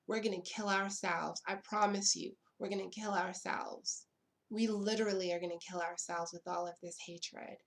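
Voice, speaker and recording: A woman's voice: medium pitch, steady tone, normal speed. A young woman vlogging straight to camera, emphatic and blunt, repeating her lines for effect. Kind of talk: impassioned direct-to-camera commentary.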